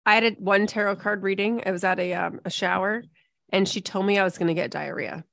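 A woman's voice: medium pitch, fairly even intonation, fairly quick, vocal fry, fairly bright tone, no echo. Woman, casual storyteller, giggly, dry close sound. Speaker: podcast co-host. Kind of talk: casual chat.

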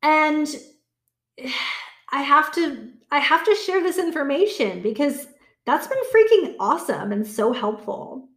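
A woman's voice: sits high, expressive, unhurried, fairly bright tone. A woman in her thirties talking candidly to her viewers, chatty, swearing freely and acting out her own inner voice. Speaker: vlogger. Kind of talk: casual talk to camera. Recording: echoey room.

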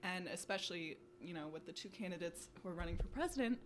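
A young woman co-hosting a podcast in casual chat, talking quickly with lots of fillers like "you know" and "like". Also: lowish voice, animated, a little hiss or hum. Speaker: podcast co-host.

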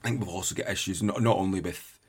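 A man's voice: deep voice, fast, husky. A man talking hesitantly and thoughtfully in a casual football podcast chat. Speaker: podcast co-host.

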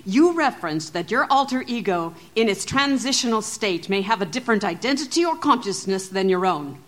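A woman's voice: medium pitch, lively intonation, fairly quick, lightly acted. Woman playing a polite, reasoning companion. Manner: polite, careful and formal. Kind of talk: audio drama acting.

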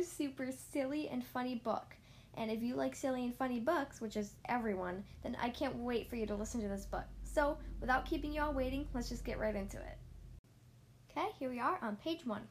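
A woman's voice: fairly high pitch, slight background noise. Upbeat woman reading aloud to kids. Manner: upbeat and animated, with character voices. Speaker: podcast host reading to kids. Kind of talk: children's read-aloud.

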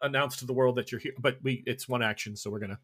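A man's voice: medium pitch, fairly even intonation, quick pace, a bit bright, breathy edge. A man running a tabletop horror game as game master, narrating the action with joking asides.

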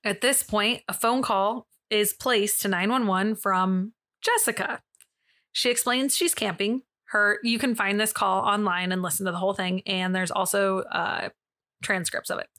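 A woman's voice: medium pitch, normal speed, pushed and bright. A young woman hosting a podcast, retelling a true-crime case in a casual, chatty way, laughing often and swearing now and then. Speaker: podcast host.

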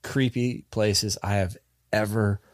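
A man's voice: lowish voice, steady tone, slow, no echo, clean studio sound. A man hosting a podcast, telling a story in casual chat. He rambles, restarts often and uses many fillers.

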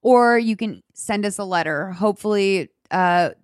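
A woman's voice: mid-range voice, normal speed, smooth, dry recording. A woman hosting a podcast in casual chat, gushing and swearing freely, close to tears. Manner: gushing, profane, affectionate. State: tearful. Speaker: podcast host.

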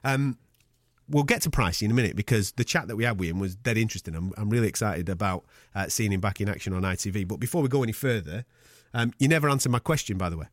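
A man's voice: on the low side, fast, no room sound, studio quality. A man from England hosting a podcast in casual, jokey chat, teasing his co-host.

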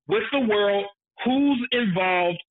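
A man's voice: high-pitched, lively intonation, slow pace. A man in casual film discussion, talking emphatically, repeating his points for effect and swearing freely. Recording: tinny phone-like sound.

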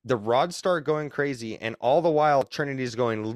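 A man's voice: medium pitch, moderate pace, hardly any pauses, no room sound, studio quality. A young man casually telling a long story on a podcast, rambling and swearing, with emphatic repeats. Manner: rambling, profane, emphatic retelling.

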